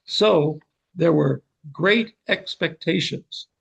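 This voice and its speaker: A gravelly, slightly husky older man leads a Bible seminar. He speaks slowly and deliberately, pausing between phrases. His voice sits a bit higher than most men's. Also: a bit bright, poor audio. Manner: slow, measured, deliberate explanation. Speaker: teacher.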